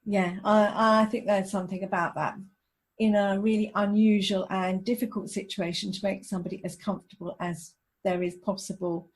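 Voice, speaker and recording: Breathy woman podcast host. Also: mid-range voice, flat delivery, normal speed. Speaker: relationship counsellor and podcast host. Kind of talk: podcast interview.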